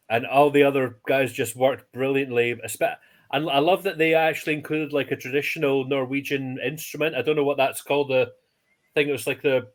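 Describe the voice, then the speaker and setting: A man co-hosting a casual podcast, hesitant with fillers as he talks. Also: mid-range voice. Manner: hesitant, lots of fillers and restarts. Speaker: podcast co-host. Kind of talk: casual chat.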